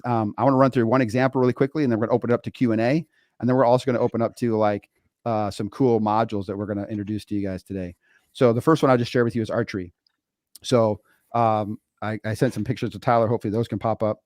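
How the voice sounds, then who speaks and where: Talking fast in a steady mid-range voice with a slightly mellow tone, this forties-aged podcast co-host delivers motivational talk casually and with emphasis, often repeating himself. He records in a home studio through a remote streaming setup. The studio-quality audio has no room sound.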